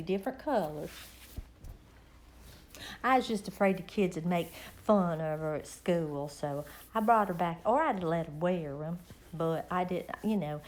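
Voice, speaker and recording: A woman's voice: on the low side, darkish tone. A middle-aged woman, chatting casually and rambling with viewers on her live stream.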